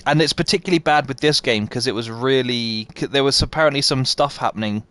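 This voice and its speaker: A man's voice: mid-range voice, fast talker, fairly bright tone. A man live-streaming a game, chatting casually and answering viewers as he plays. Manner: chatty, reads out and answers viewers while playing. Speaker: livestreamer playing a game.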